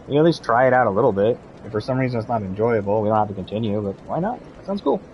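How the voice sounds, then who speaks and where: A man's voice: lowish voice, expressive, racing, highs cut off, a little hiss or hum. A young man streaming a video game, chatting casually with his viewers and cheering on his in-game companion. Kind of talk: casual gameplay commentary.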